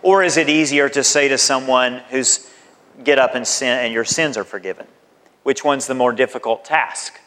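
A man preaching a sermon as pastor, emphatic and deliberate, with dramatic swings in his voice. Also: mid-range voice, a bit bright. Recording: long hall reverb.

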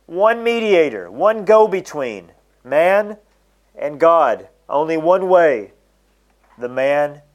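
Emphatic male preacher, slightly high voice. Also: very animated. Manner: emphatic, slows down to stress key phrases. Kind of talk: sermon.

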